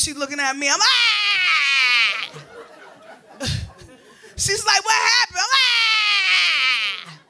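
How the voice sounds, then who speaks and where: A woman doing stand-up with a very high, piercing tone that sits on the edge of sharp. She tells animated stories and breaks into shrieks and laughter. A faint audience murmurs behind her on the club stage. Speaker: stand-up comedian. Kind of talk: stand-up comedy storytelling.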